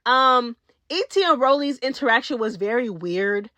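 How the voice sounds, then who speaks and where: A young woman hosting a reality TV recap, talking straight to her viewers in a sassy, slangy, animated way. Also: fairly high pitch, moderate pace, no echo. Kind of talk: casual recap commentary.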